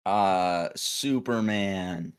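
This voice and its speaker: A young man, a podcast co-host, telling a work story in a rambling, animated way, full of restarts and acted-out quotes. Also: low voice, drawn-out words, clear, resonant tone. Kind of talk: casual storytelling chat.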